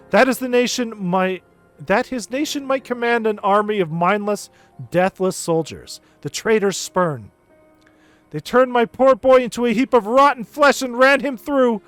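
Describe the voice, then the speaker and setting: A man's voice: high voice, no echo. A man voicing a frail grieving old woman who wails in a folksy dialect, reading game dialogue aloud. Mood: mournful. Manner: dramatic folksy dialect, wailing.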